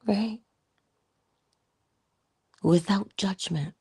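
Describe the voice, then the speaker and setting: Low gravelly motivational woman speaker. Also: unhurried, pauses often, a little mellow. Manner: conversational, asks rhetorical questions. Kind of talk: inspirational talk.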